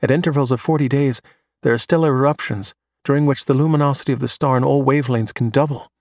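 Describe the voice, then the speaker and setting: A man voicing a bright young male pupil who recites facts eagerly. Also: medium pitch, steady tone, quick pace, no room sound, clean studio sound, natural voice. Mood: earnest.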